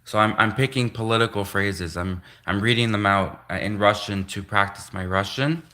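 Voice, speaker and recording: A man hosting a casual livestream, talking in halting bursts and slowly sounding out practice phrases in a language he is learning. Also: lowish voice, pushed and bright. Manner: halting, restarts, slow careful reading of foreign phrases. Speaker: livestream host.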